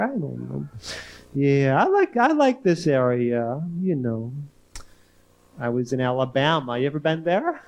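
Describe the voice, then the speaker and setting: A man in his thirties doing live stand-up on a club stage, talking in a swooping voice with odd pauses and sudden squeaks. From northern United States. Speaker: stand-up comedian.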